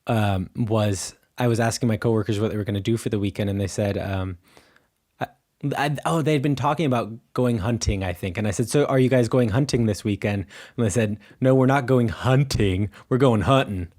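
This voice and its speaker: A man's voice: on the low side, fairly quick, a little mellow. Rambling American man, casual podcast chat. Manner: loose, rambling, heavy on "like" and "um". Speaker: podcast co-host.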